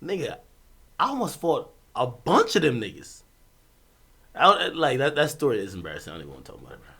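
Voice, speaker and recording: A young man from Jamaica, a streamer telling a rowdy story in casual chat, swearing freely, laughing, swinging from loud bursts to low mutters. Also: huge pitch swings, fairly quick, gravelly, husky.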